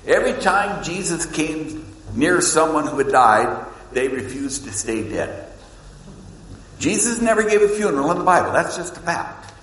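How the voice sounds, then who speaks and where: A man preaching a sermon as pastor, swinging between loud emphasis and hushed, low lines. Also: very animated, normal speed. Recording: echoey hall with long reverb.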